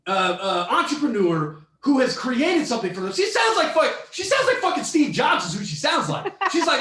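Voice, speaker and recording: A man co-hosting a podcast, ranting with heavy profanity and frequent shouting as he reacts to a story. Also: very high-pitched, big pitch swings, moderate pace, few pauses, roomy sound. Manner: profane, heated, often shouting. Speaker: podcast co-host. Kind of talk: ranting commentary on a reader story.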